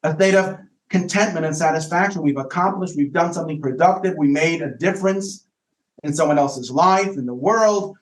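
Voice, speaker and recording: A male rabbi explains ideas on a podcast in a thoughtful, conversational way. He often stumbles and repeats words while reaching for the next thought. His voice sits a touch high and rings around an echoey room. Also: moderate pace.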